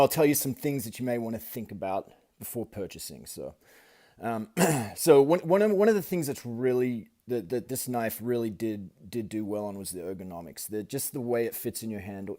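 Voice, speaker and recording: Mellow-voiced man rambling through a knife review. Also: fairly low pitch. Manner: rambling, with many fillers and restarts. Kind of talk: casual product review.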